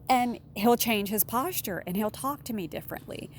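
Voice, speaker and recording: A woman's voice: measured pace, a little hiss or hum. Blunt, candid woman giving relationship advice. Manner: blunt, candid, swears casually; animated, with sudden emphatic jumps in pitch. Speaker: romance and relationship consultant. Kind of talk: solo advice monologue.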